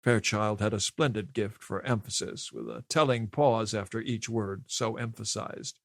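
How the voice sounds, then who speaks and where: A man with a somewhat low voice narrates an audiobook from a script, keeping his storytelling measured and even. The studio-quality recording has no room sound.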